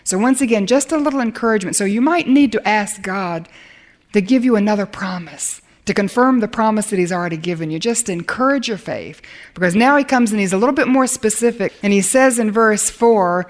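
A woman's voice: medium pitch, expressive, moderate pace. Earnest woman Bible teacher. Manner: earnest and emphatic, dropping to a hush at times. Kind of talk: sermon.

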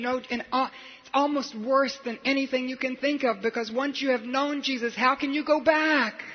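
A male preacher telling a story in a sermon, animated and rising to emphatic peaks, on a dull lo-fi recording. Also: very high-pitched, husky. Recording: dull lo-fi recording with faint hiss.

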